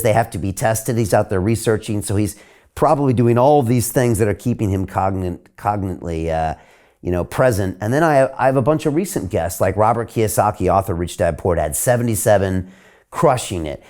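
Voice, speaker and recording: A man hosting a podcast interview, talking casually and lively. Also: mid-range voice. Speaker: podcast host.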